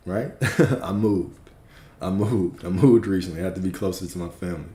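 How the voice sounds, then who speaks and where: A man's voice: on the low side, warm tone, reverberant. A man teaching on a livestream in an emphatic, preacherly manner, repeating key phrases and swearing casually. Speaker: spiritual teacher.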